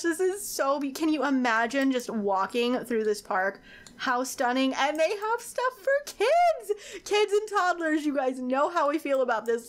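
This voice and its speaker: A woman giving casual gameplay commentary as a YouTuber, gushing and excitable, with frequent gasps and exclamations. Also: fairly high pitch.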